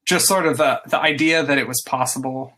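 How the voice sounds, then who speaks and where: Bright-voiced enthusiastic man rambling. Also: medium pitch, brisk. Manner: rambling, lots of "like" fillers, enthusiastic. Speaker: podcast guest, game designer. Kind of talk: casual interview chat.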